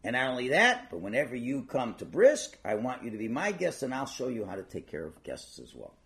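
A man playing a humble older rabbi who speaks quietly, low and firm. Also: wildly swooping pitch, fairly quick, creaky, slight background noise, full character voice. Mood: instructive.

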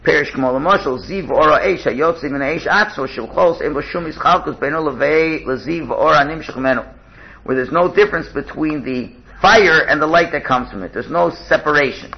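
A man's voice: fairly high pitch, brisk, vocal fry, dull audio. A man teaching a religious text in a study lesson, often restarting and repeating words as he glosses Hebrew terms in English.

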